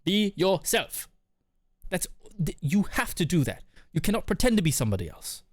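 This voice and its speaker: A man's voice: very animated, moderate pace, dry recording, clean studio sound. A man putting on a British accent to play an earnest advice-giver, talking emphatically. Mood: emphatic. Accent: put-on British. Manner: emphatic, raised pitch.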